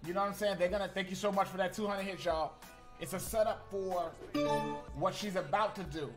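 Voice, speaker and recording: Animated slangy male streamer. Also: high voice, fairly quick, faint music behind. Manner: animated, slangy, talks to chat. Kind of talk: casual live-stream chat.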